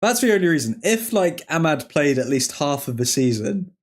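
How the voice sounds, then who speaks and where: A young Englishman with a slightly high, sing-song voice hosts a live football watchalong at normal speed. He laughs a lot, jokes with viewers, and reads chat comments out in casual banter.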